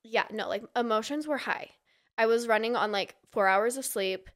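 A woman's voice: fairly high pitch, normal speed, a bit bright. Gossipy woman telling a story. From Utah. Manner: gossipy storytelling, acts out quoted voices. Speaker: podcast guest. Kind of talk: casual chat.

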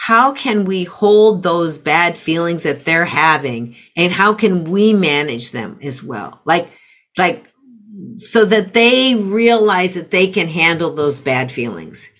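A middle-aged woman coaching parents in conversation, calmly explaining with example phrases. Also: fairly low pitch. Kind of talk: conversational teaching.

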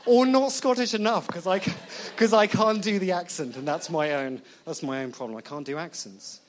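An animated male preacher talks through a sermon and mixes earnest points with jokes. He turns to the audience often with questions. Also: sits high, normal speed, slight background noise.

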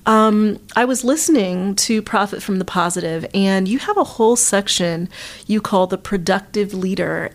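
A woman's voice: medium pitch, normal speed. A woman in her thirties hosting a casual interview, chatty and laughing often. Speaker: host.

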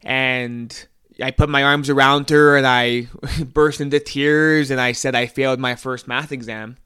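Earnest young guy telling a story on his podcast, bright clear voice, dry close mic. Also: medium pitch, steady tone, unhurried, no echo. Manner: earnest, reflective, with small restarts. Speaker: podcast host. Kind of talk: personal storytelling monologue.

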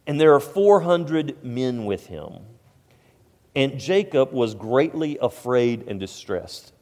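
A middle-aged male pastor preaching in a loose, conversational way, tripping over his words and starting again. He drops to soft asides and then swells into loud, emphatic bursts. His voice has an ordinary middle pitch and carries a long reverb from a large church hall. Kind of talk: sermon.

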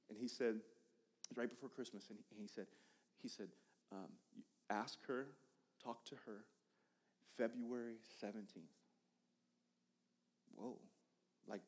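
A male preacher in his thirties telling a personal testimony from the pulpit. He talks in a loose, conversational way, repeating words and restarting sentences, and swings between loud, animated bursts and quiet, hushed asides. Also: mid-range voice.

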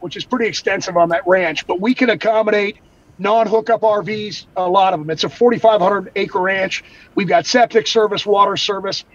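A man's voice: high-pitched, no echo. A man appearing as a guest, enthusiastically promoting an event in casual chat. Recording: dull remote feed with faint noise.

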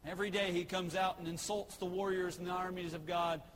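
A man's voice: high voice, level tone, fairly quick, a bit bright, in a large hall, slight background noise, poor audio. A man preaching a sermon, telling a story conversationally. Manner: storytelling, conversational with acted quotes.

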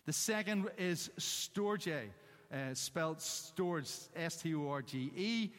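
A man's voice: on the high side, animated, slow pace, a bit bright. A man preaching a sermon with a punchy, anecdotal delivery, stressing points with short one-word lines. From Northern Ireland. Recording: church hall with long reverb.

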